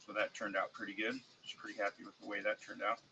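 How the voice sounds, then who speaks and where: A man with a cold talks slowly and haltingly on a live stream, sounding congested. His voice is rather low and very bright and forceful in tone. A faint hiss of background noise sits under the close desk mic. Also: little pitch movement, gravelly, highs cut off. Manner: slow, halting, with many restarts and fillers. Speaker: streamer showing 3D-printed model car parts. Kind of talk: casual live-stream chat.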